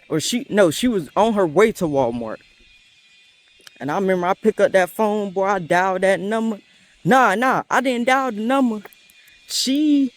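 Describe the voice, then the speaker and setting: A man recounts a school story in a loose, slangy storytime. His voice sits a bit high for a man, and he is animated and quick to laugh. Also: dry recording. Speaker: storyteller vlogger. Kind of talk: casual storytime.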